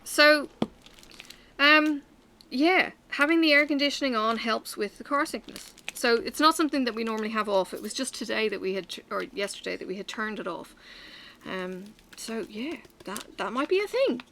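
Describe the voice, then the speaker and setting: A woman's voice: on the high side, animated, normal speed, sharp tone, a little hiss or hum. A woman chatting casually to camera, telling a story with many fillers. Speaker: vlogger. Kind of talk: casual chat while stitching.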